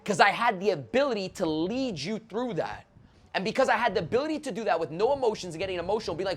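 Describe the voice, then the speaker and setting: A man with a high, lively voice talks fast as a guest sales trainer in an animated podcast interview. He's brash and profane, acting out sales calls while he explains.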